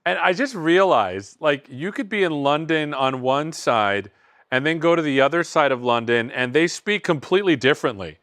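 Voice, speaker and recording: Male panel host from the US, candid and chatty, smooth clear voice. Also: on the high side, animated, normal speed, fairly bright tone, dry recording. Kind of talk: remote panel discussion.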